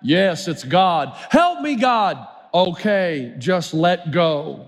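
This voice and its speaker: Preacher doing god, calm and firm, lower and slow, big hall echo. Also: male voice, exaggerated voice.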